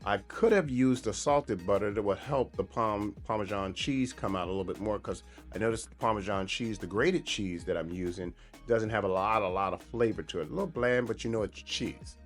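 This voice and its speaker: A man's voice: fairly low pitch, a little fast, soft background music. A man hosting his own cooking video, chatting casually and repeating himself while he shows the dish. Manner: relaxed, chatty, repeats and restarts phrases. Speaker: cooking show host.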